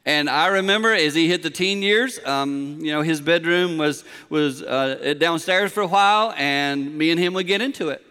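Man, middle-aged, sermon, bright clear voice, long church-hall reverb. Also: fairly high pitch, moderate pace, few pauses. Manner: storytelling, swings from quiet to emphatic. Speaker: pastor.

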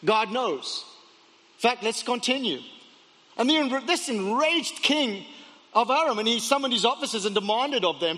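A man's voice: extremely high pitch, expressive, moderate pace, bright, forceful tone, in a large hall. A man preaching a sermon, retelling a story with dramatic asides and stammered restarts. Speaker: pastor.

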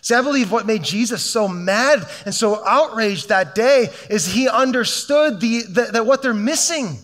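High-voiced middle-aged man preaching fervently. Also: lively intonation, normal speed, a bit bright. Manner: fervent, conversational preaching with restarts. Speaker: pastor. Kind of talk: sermon.

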